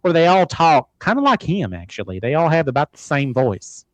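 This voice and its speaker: A man co-hosting a podcast in casual chat, crude and mocking, animated and loose. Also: a little high, normal speed, no echo, dull audio. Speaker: podcast co-host.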